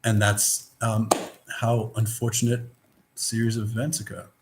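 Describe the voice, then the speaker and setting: A man's voice: on the low side, level tone, a little slow, heavy background noise. A man giving a rambling, philosophical monologue, blunt and profane, with many restarts. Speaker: vlogger. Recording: roomy echo.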